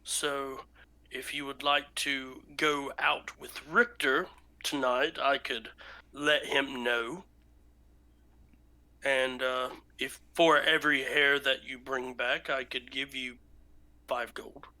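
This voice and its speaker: A man voicing a calm, weary male dwarf who speaks slowly and hesitantly in a tabletop game. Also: heavily acted. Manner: slow, hesitant, low-key.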